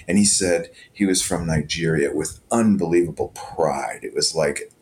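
Brief: middle-aged male guest, very low voice, lively storyteller with chuckles, faint hum behind. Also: moderate pace, few pauses. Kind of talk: conversational storytelling.

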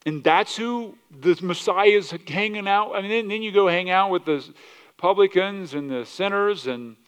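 Animated preaching man, higher voice. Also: moderate pace, clear, resonant tone. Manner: animated, rhetorical questions, acts out quoted voices; repeats words and restarts mid-sentence. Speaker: pastor. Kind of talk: sermon.

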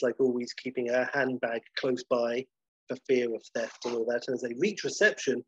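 A man's voice: medium pitch, husky, no echo, highs cut off. A man casually recapping a sitcom episode, rambling with fillers.

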